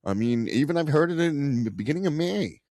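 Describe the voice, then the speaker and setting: A man with a Boston accent hosting a podcast, telling stories in a loose, profane, animated way. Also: on the high side, fairly quick, dry recording, studio quality. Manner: animated, swearing storyteller. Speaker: podcast host. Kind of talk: casual profane chat.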